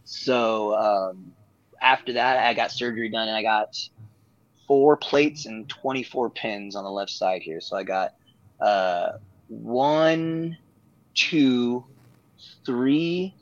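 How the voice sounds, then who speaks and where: A man's voice: medium pitch, takes it slowly, no room sound. A man and guest wrestler telling stories in a casual, rambling way, swearing freely and laughing at his own tales. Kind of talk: casual storytelling in conversation. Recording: dull lo-fi sound.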